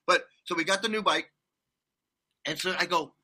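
Guy with a high bright voice rambling thru a story, lots of laughs n restarts. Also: moderate pace. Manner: rambling, animated, laughs often, many restarts. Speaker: guest telling a travel story. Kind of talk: casual storytelling chat. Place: condo abroad.

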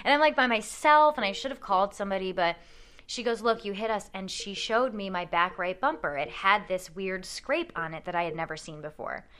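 A young adult woman telling a story in casual chat, animated, full of fillers, acting out the other people's voices. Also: mid-range voice, brisk, smooth. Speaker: podcast guest telling a story.

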